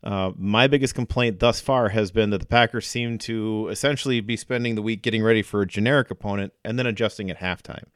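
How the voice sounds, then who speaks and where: A man's voice: fairly low pitch, fairly even intonation, quick pace, few pauses, clear, resonant tone, no room sound, studio quality. A man co-hosting a sports podcast, talking football casually with frequent fillers and restarts. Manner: hesitant, many fillers and restarts.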